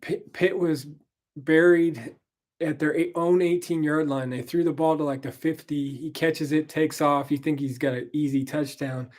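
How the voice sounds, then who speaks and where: A man's voice: a little high, steady tone, moderate pace, darkish tone. A tired man casually rambling through a football weekend recap, frank and profane, with frequent ums. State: tired, yawning. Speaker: podcast host. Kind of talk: casual sports recap monologue.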